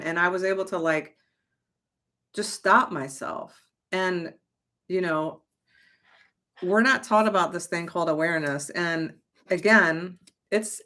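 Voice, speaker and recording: A woman's voice: mid-range voice, normal speed, fairly bright tone. A young adult woman giving a casual, emphatic motivational talk as a manifestation coach, chatty and swearing lightly.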